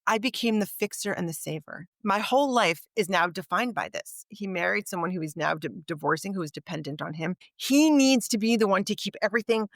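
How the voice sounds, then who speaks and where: A woman's voice: medium pitch, animated, brisk, hardly any pauses, no room sound, clean studio sound. A woman guest on a podcast, telling a story in conversation and acting out the dialogue of the people in it. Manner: vivid anecdote teller, acts out quoted dialogue.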